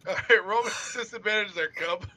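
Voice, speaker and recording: A man's voice: high-pitched, a little fast, bright, forceful tone. A man running a casual tabletop game as game master, laughing often and narrating loosely with lots of fillers.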